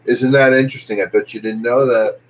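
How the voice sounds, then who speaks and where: A man's voice: medium pitch, fairly even intonation, brisk, a little hiss or hum, low-quality recording. A man rambling through a jokey comic monologue, jumping from one tangent to the next. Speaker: comedian host.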